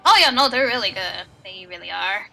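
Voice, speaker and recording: A woman's voice: mid-range voice, animated, a little fast, creaky, bright, forceful tone. A woman streaming a video game, chatting casually with a co-host and laughing often. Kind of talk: casual let's-play chat. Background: faint game music.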